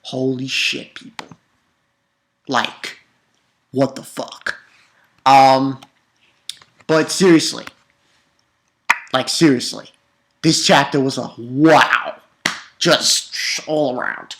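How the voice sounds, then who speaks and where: A man talking through a comic chapter in an unhurried, drawn-out way, his voice bright and forceful. He rambles, circles back on himself, and swears freely. Every so often he breaks into loud, gleeful outbursts. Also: medium pitch, vocal fry. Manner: rambling with restarts. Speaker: manga reviewer. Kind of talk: casual chapter review.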